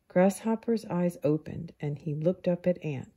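Slow husky storytelling woman. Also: on the low side, phone-quality sound. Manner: calm, unhurried storybook reading. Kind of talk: reading a picture book aloud.

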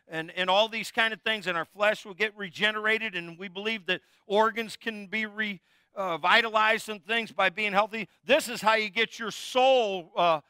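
A man's voice: high-pitched, sharp tone, clean tone, no room sound, studio quality. A middle-aged man, a pastor, preaching a conversational, jokey sermon with call-and-response to his congregation.

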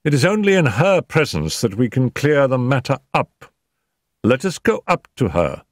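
A man playing a crisp, assured detective. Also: medium pitch, big pitch swings, normal speed, no echo, clean studio sound, pitched above the performer's own voice. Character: man playing a brisk, confident male detective.

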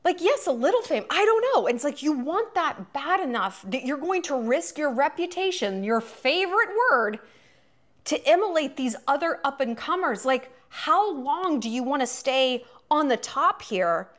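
Woman host, 30s, casual profane commentary, bright and animated delivery. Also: high voice, moderate pace. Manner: chatty, profane, animated, lots of fillers.

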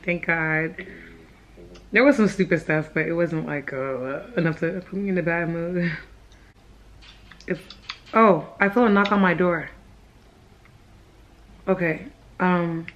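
A woman's voice: lowish voice, fairly even intonation, unhurried, long pauses, a bit bright, dull audio, a little hiss or hum. A young woman chatting casually to camera in a vlog, gushing and laughing often. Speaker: vlogger.

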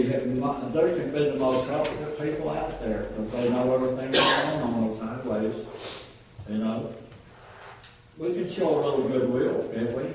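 A man's voice: mid-range voice, a little mellow, slight background noise. An older man gives an informal, folksy sermon full of plainspoken stories, as a lay preacher in a church. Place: church sanctuary. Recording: echoey church from far off.

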